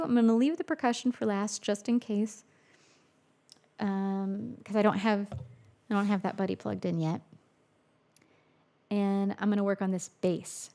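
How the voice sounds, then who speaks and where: A woman's voice: medium pitch, creaky, dark tone. A woman musician chatting casually on a livestream, thinking aloud as she works in her studio and reads viewer comments. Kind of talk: casual livestream chat while producing.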